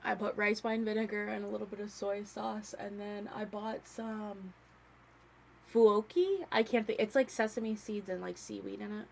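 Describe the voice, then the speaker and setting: A woman's voice: mid-range voice, steady tone, moderate pace, gravelly, a little mellow. A young woman casually chatting and laughing while playing a game, swearing freely. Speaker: gaming streamer. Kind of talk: casual gameplay chat.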